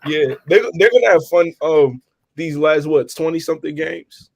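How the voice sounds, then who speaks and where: A man's voice: fairly high pitch, normal speed, gravelly, rough recording. A man in a casual basketball chat, talking eagerly about his team's next game. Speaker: co-host.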